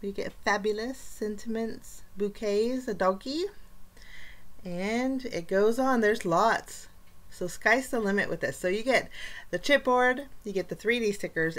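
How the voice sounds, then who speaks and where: A woman's voice: medium pitch, a bit bright. A woman hosting a casual craft unboxing, chatty and enthusiastic, with frequent fillers. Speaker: craft channel host.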